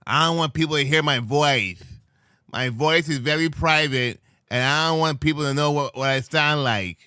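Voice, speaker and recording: A man playing a shy male viewer who is secretive about his voice, speaking slowly and primly. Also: fairly high pitch, sharp tone, clear, resonant tone, no echo, studio quality.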